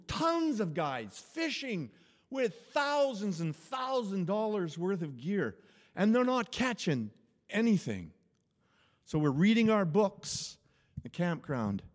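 A man, a pastor, telling a humorous personal story in an animated sermon. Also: sits high. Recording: echoey hall.

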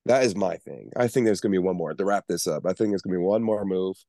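A man's voice: low-pitched, quick pace, vocal fry, dark tone, no echo. A man co-hosting a casual sports podcast, rambling and stumbling over his words. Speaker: podcast co-host.

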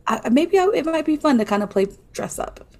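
Woman cohost, gravelly fry in her voice, chatty and kinda hesitant. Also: high-pitched, animated, brisk, darkish tone. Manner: chatty, hesitant, lots of fillers and restarts. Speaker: podcast co-host. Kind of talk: casual chat.

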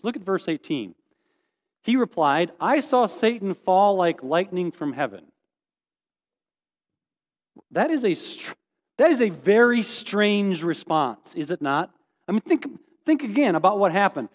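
Pastor guy giving a sermon, high-ish voice that swings up and down a lot, keeps asking the crowd questions, bit of hall echo. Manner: animated, acts out quoted voices, asks the congregation questions.

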